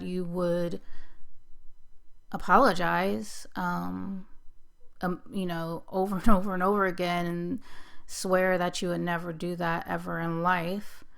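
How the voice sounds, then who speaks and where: A woman's voice: medium pitch, gravelly, fairly bright tone, smooth. A woman vlogger casually recounting a personal experience, hesitant and full of fillers and restarts.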